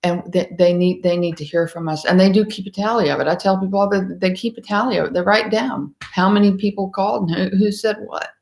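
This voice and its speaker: A woman's voice: medium pitch, a little fast, gravelly, hardly any pauses, a little mellow. An emphatic woman hosts a casual commentary livestream, pressing her points with passion and often restarting her sentences. Her voice sits in the middle of the range. The sound bounces around an echoey room. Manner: impassioned and emphatic, rambling with restarts. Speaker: livestream host.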